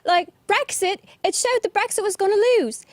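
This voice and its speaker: A woman's voice: moderate pace, dry recording. An American woman putting on a bad, exaggerated fake British accent, playing a sassy pundit. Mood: mocking. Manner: exaggerated, sing-song and high.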